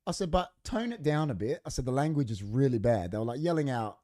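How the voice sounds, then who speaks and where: A man's voice: medium pitch, quick pace. A man, a podcast co-host telling a story in casual chat in a studio, acting out what people said. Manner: animated, acts out quoted dialogue.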